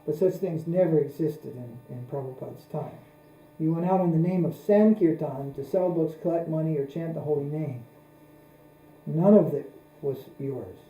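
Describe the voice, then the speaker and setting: A man gives a religious lecture, telling anecdotes in a measured, repetitive way. His voice is very dark and mellow. The recording is roomy and echoey, with a mains hum underneath. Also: on the high side. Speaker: spiritual teacher. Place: lecture room.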